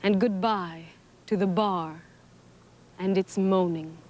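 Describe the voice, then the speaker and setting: A woman reciting verse with a sorrowful, even delivery. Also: mid-range voice, takes it slowly. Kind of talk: poetry recitation.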